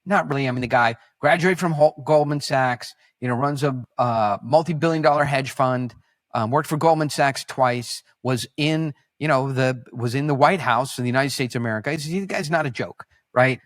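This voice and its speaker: A man who is a podcast guest, telling stories in an animated, rambling way, with restarts. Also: mid-range voice, moderate pace, no room sound, studio quality. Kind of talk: casual conversational storytelling.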